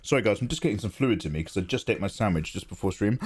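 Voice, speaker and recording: Lively, chatty man streaming. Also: fairly low pitch, husky. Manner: chatty, rambling, quick to joke, reads chat aloud. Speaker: live-streaming digital artist. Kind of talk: casual livestream chat.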